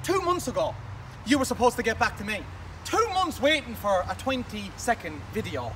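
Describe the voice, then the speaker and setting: A man with a Manchester accent delivering an aggressive, taunting rant to camera, shouting insults. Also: high-pitched, big pitch swings, normal speed. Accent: Manchester English. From England. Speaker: video ranter. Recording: voice from a distance with faint noise.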